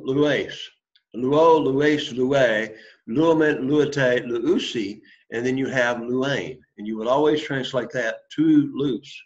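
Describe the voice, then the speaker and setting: A man teaching a Greek class, quizzing students and checking in with "okay?" and "right?". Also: mid-range voice. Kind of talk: classroom lecture. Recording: lo-fi classroom recording.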